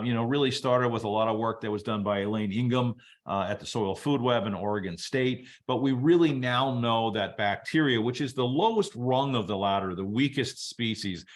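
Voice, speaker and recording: A man presenting a webinar, explaining soil biology at a relaxed teaching pace with casual asides. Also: mid-range voice. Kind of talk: explaining soil science to an audience.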